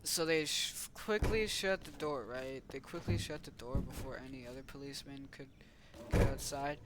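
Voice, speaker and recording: A man's voice: medium pitch, normal speed. A man casually retelling a story, rambling and restarting his sentences as he acts out the characters. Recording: loud background noise.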